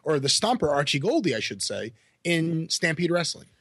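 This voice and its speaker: A man co-hosting a podcast in casual chat, animated and quick to laugh. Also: fairly high pitch, breathy edge, no room sound, studio quality. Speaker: podcast co-host.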